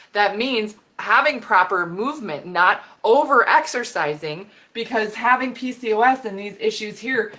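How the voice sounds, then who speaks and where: A woman health expert giving an animated talk on camera, getting fired up and laughing as she explains while sketching on a board. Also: mid-range voice. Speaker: women's health and hormone expert. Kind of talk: educational video talk.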